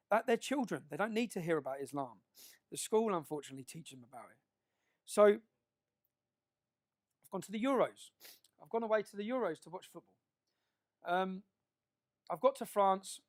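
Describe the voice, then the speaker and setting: High-pitched man giving an emphatic speech. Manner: emphatic, with frequent tag questions. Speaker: public speaker. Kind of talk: speech to an audience.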